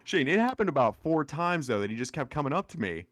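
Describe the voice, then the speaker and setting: A young man co-hosting a podcast, telling a rambling, animated story in casual chat. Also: on the high side, fast talker, dry recording, studio quality. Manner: rambling, animated anecdote with acted quotes. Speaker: podcast co-host.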